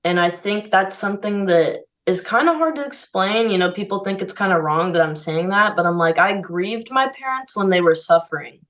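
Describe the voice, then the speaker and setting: A woman's voice: mid-range voice, lively intonation, moderate pace, few pauses, a bit bright, recorded from a distance, poor audio. A young woman speaking as a podcast guest, candid and heartfelt, filling her speech with "like" and "you know.". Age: young adult. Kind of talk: candid conversational interview.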